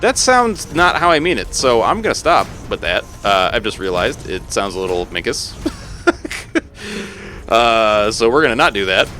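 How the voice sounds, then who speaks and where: Speaking at a moderate pace in a medium pitch, a thirtysomething man streams a game live over slight background noise. He talks to his chat casually, lively and joking, and doesn't hold back on swearing.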